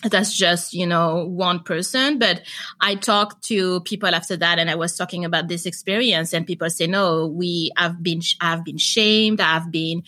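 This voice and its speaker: Young woman, podcast guest; lower voice, bright tone, animated storyteller. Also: moderate pace. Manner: animated storytelling with quoted dialogue. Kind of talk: casual interview chat.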